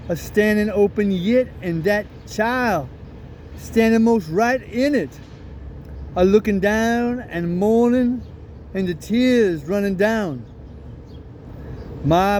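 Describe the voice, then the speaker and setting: A man voicing Jim, a high, slow Southern storyteller. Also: a little mellow, slight background noise. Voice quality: heavy rural dialect, drawn-out storytelling. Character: remorseful father recounting a painful tale. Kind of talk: audiobook character reading.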